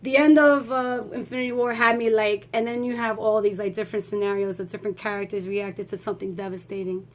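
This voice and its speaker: A woman's voice: mid-range voice, fairly even intonation, fast, hardly any pauses, a little hiss or hum. A woman giving a casual, emotional movie review vlog, swearing freely and laughing as she talks.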